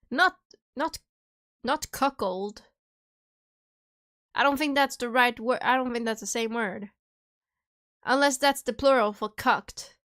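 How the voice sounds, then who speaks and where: Young female streamer with a slightly high voice, loose rambling banter while snacking. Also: fairly bright tone. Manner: rambling, joking, chewing candy while talking. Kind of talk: casual livestream chat.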